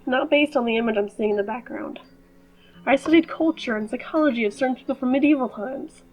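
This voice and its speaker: Playful, higher-voiced woman gaming host. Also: fairly quick, a little mellow, low-quality recording. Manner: playful, chatty asides between read-out passages. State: voice slightly off after a recent cold. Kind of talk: reading game text aloud with joking commentary.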